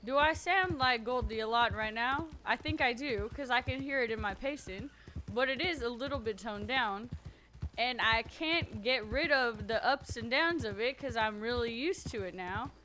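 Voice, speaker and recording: A woman's voice: on the high side, moderate pace, sharp tone, faint music behind. A young woman streamer with a slight twang, chatting casually, swearing a lot and criticizing herself as she tries out a character voice. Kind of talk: casual chat, trying out a character voice.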